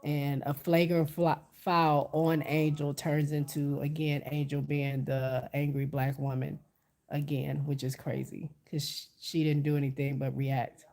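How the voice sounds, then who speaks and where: A livestreamer, congested from a cold, talks casually to viewers and reads their comments aloud. The voice sits in a mid range and is neither high nor low. The delivery is loose and conversational, with frequent stops and restarts. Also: little pitch movement, unhurried, gravelly, a little mellow. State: stuffy from a cold.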